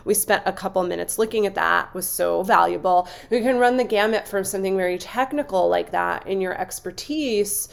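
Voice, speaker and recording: A woman's voice: mid-range voice, brisk, creaky, hardly any pauses. A woman teaching on a group coaching call, earnest and reflective, often checking in with "right?". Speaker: coaching instructor.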